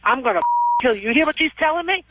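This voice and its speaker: A woman on a phone call, yelling furiously and threatening as an angry mother. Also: high-pitched, animated, fast. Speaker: prank call victim, mother. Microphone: telephone. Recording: tinny phone line.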